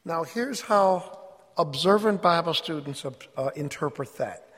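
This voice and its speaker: Preacher: man with a fairly high voice, earnest and emphatic sermon delivery, long hall reverb. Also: lively intonation, measured pace, fairly bright tone. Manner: earnest, emphatic, reads scripture aloud.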